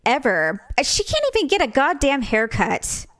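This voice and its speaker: A woman's voice: sits high, very animated, moderate pace, a bit bright. A woman co-hosting a podcast, chiming in with wry, blunt remarks in casual chat. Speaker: podcast co-host.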